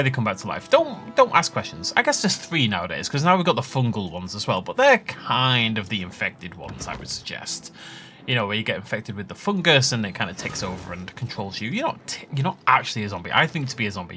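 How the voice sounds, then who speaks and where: Speaking in a fairly low, pushed, bright voice, a young adult man provides casual commentary while hosting a let's play. He's chatty, drifting into rambling tangents and asides with laughs as he plays.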